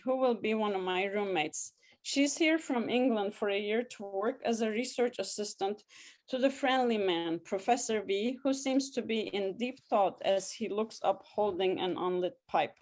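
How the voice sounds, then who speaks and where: A woman reading her own first-person memoir story aloud, lively and wry, laughing now and then. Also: medium pitch. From abroad, newly arrived student in the story.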